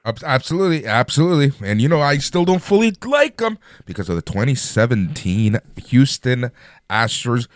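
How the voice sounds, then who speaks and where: A man co-hosts a casual podcast with a lively, swooping delivery, swearing freely and rambling between topics. His voice sits at a middle pitch and is recorded dry and close to the mic. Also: normal speed, no room sound. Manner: animated, profane, rambling. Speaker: podcast co-host. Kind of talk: casual sports and wrestling chat.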